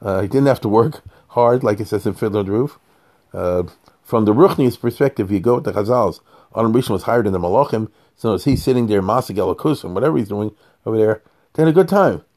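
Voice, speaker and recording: A man's voice: lowish voice, quick pace, darkish tone. An older man giving an informal Torah talk as a rabbi, blunt and rambling, often checking "you understand?". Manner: rambling, blunt, peppered with Hebrew and Yiddish terms.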